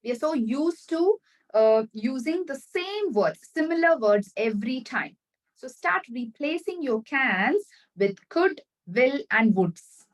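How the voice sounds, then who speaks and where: A woman teaching business English in an online lesson, repeating example sentences slowly and checking that viewers follow. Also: high-pitched, expressive, distant mic, poor audio. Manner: addresses viewers directly, checks understanding.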